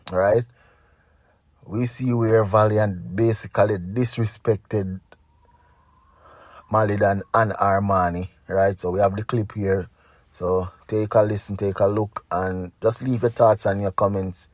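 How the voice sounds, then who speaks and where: Low-voiced man commenting, dry sound. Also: no echo. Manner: relaxed, repeats "right?" as a tag. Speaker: entertainment news host. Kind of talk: casual commentary.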